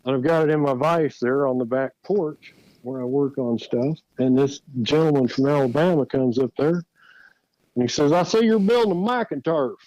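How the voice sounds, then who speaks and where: A man's voice: mid-range voice, steady tone, moderate pace, warm tone, no echo, poor audio. A man telling folksy stories as a guest, easygoing and chuckling through his anecdotes. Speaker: guest, rifle builder. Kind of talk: anecdotal storytelling.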